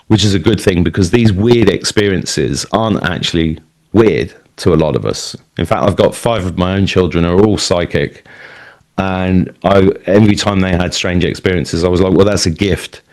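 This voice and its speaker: A man's voice: sits low, moderate pace, darkish tone. A British man in his fifties telling personal stories in a rambling, candid way, often restarting his sentences. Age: 50s. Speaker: guest speaker. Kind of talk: personal storytelling talk.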